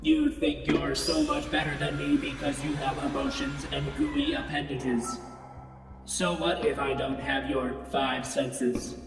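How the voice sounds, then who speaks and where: A man voicing a sulky male spaceship AI that denies having feelings, deadpan and reading its punctuation aloud, in a scripted comedy audio piece. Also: fairly high pitch, a little slow, vocal fry, music in the background. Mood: brooding. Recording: echoey hall, distant from mic.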